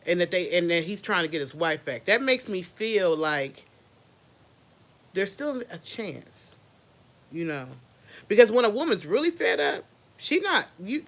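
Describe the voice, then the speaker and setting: Sex: woman. Role: livestream host. Style: unscripted casual chat. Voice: bright, forceful. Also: on the low side. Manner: animated, chatty, addresses viewers directly.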